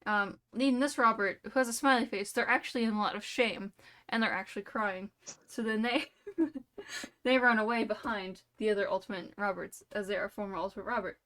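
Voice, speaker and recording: A woman's voice: medium pitch, a bit bright. A woman streamer telling a silly made-up story during a live game, rambling and playful, full of "like" and "you know".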